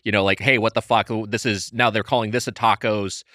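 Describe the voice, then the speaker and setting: A man co-hosting a comedy podcast, explaining things in a lively way and laughing along. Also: lowish voice, brisk, no echo, studio quality. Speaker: podcast co-host. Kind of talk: casual comedic chat.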